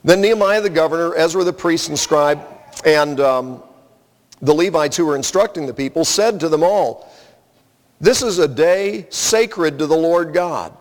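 A man's voice: fairly high pitch, moderate pace. A man preaching a sermon as pastor, earnest and conversational, telling personal stories to his congregation. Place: church sanctuary. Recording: long reverb of a large hall.

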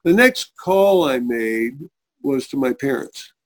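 A middle-aged man appears as a guest on an interview show, earnestly telling a personal faith story. He's an animated storyteller who acts out the people he quotes, speaking slowly in a medium-pitched voice.

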